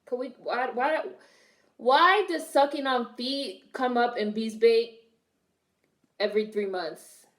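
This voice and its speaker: A woman's voice: a little high, slow pace, pauses often, a bit bright. A woman streamer reacting to a film, chatting casually, laughing often and reading her chat aloud.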